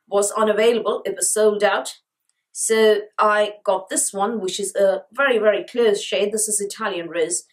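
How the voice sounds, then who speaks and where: A woman's medium-pitched, fairly bright voice comes through a low-quality recording as she reviews a product with a lozenge in her mouth to soothe a sore throat. A beauty vlogger, she chats eagerly and repeats words to drive points home.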